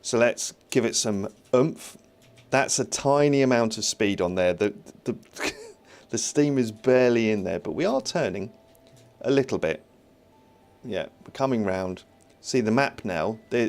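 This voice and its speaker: A man with a fairly low voice talks casually through a live game-development stream. He thinks aloud as he works, answers viewers and pokes fun at himself. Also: expressive, a little slow, a little mellow. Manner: chatty, self-mocking, thinks aloud while working. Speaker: indie game developer streaming his build.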